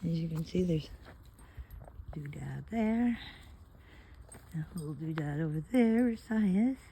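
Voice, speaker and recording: Soft-spoken woman whispering in a forest. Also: low-pitched, lively intonation, a little slow, slight background noise. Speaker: vlogger. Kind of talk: casual vlog narration. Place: outdoors in a forest. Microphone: handheld phone.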